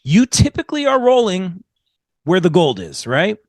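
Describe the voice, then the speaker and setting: A man's voice: sits high, wildly swooping pitch, moderate pace, no room sound, studio quality. A man hosting an interview over a remote call, talking in a hyped, casual way and often calling the guest "man" or "bro". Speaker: interview host.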